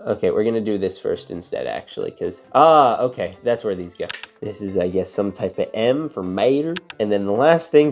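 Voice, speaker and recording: A man hosting a casual unboxing and build-along, chatty and excitable, often trailing into mumbled asides. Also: on the low side, moderate pace, creaky, faint music behind. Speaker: LEGO unboxing host.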